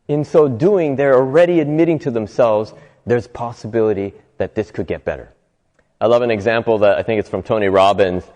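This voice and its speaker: A man's voice: medium pitch, warm tone. A man hosting a reflective motivational talk, telling stories in an earnest way and briefly acting out the people he quotes. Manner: earnest, acts out quoted voices, laughs often. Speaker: host giving a motivational talk. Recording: long reverb.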